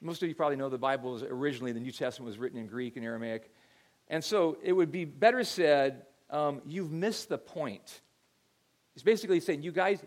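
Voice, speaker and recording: A middle-aged man preaches from the pulpit in a relaxed, conversational way, stumbling over repeated words as he tells a story. His voice sits a touch higher than most men's. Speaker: pastor. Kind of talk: sermon.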